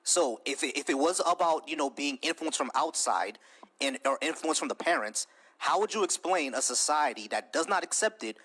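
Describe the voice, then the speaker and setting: Husky-voiced man hosting a heated debate. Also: fairly high pitch, expressive, fairly bright tone. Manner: interrupts, repeats words rapidly, swears freely. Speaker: debate stream host.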